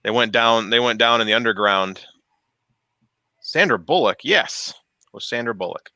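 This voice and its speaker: A man's voice: medium pitch, normal speed, sharp tone, dry recording. A man streaming while he works, chatting casually, rambling, laughing often and trailing off as he searches for words. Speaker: streamer fixing printers. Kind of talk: casual chat. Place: home workshop.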